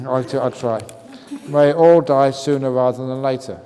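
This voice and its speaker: A man of middle pitch, a Buddhist monk teaching at a retreat, answers audience questions with a joking, chuckling delivery. His voice carries a long hall reverb, with faint noise underneath. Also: steady tone, unhurried, dark tone. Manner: joking, reads written questions aloud, chuckles often. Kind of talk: humorous question-and-answer talk.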